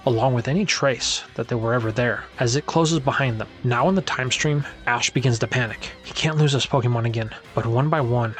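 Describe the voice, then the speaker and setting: A man giving steady, dramatic scripted narration of a fan-made story, with faint music behind. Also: medium pitch.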